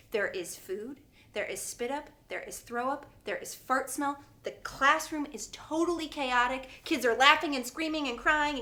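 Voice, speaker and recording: A woman preschool teacher telling a story to young children, dramatic and animated, dropping into hushed whispers. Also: sits high.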